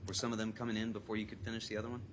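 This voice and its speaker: A man's voice: fairly low pitch, level tone, rapid-fire, background noise. Methodical male lawyer questioning in court. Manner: methodical, reads texts aloud then asks for replies. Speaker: defense lawyer.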